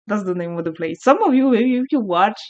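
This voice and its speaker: A woman's voice: medium pitch, animated, brisk, a little mellow. Frank, rambling woman vlogger, lo-fi sound. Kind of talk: casual unscripted chat. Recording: muffled lo-fi sound.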